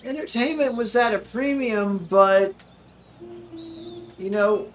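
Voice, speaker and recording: A man's voice: sits high, takes it slowly, slight background noise. A man hosting a game stream, chatting casually and thinking aloud with many fillers. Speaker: streamer host. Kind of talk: casual chat while playing.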